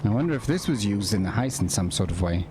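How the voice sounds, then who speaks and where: A man's voice: fairly low pitch, animated, fast talker, warm tone, a little hiss or hum, natural voice. A man doing a posh news reporter. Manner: posh radio-presenter voice, calls partner "my darling". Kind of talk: role-play in a video game.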